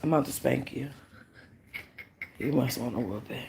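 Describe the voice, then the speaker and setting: A woman's voice: very deep voice, moderate pace, gravelly, noisy background. A woman hosting a casual livestream, talking bluntly to her chat, rambling and swearing freely. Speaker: livestream host.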